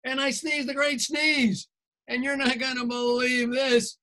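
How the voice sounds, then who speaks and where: A playful American man with a high, bright voice reads a children's storybook aloud over a video call. He hams it up and pulls the listening kids into the sound effects. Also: flat delivery, unhurried. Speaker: TV news anchor reading to a class.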